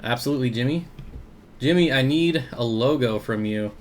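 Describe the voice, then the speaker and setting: A man's voice: medium pitch, normal speed, slight background noise. A man hosting an aquarium livestream in easygoing, casual chat. He reads viewer comments aloud, greets people by name and chuckles often.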